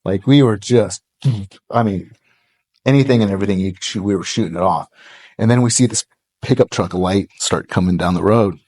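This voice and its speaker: Man preaching, middle-aged, lowish voice, lively storytelling, acts out voices. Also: a little fast. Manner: animated, acts out quoted voices. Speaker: pastor. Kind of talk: sermon storytelling. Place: church hall, live audience.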